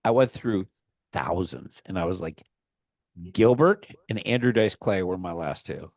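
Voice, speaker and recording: A man's voice: low-pitched, animated, unhurried, darkish tone, no echo. A man co-hosting a podcast, telling stories in a rambling, profane way and laughing mid-sentence. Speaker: podcast co-host. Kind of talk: casual chat.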